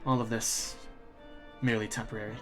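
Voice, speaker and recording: A cold, calm arcane thief played by a man speaks in an unhurried monotone, his lowish voice level and dismissive. He sounds utterly unimpressed by the people in front of him. Faint music plays beneath the tabletop game. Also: natural voice. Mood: aloof.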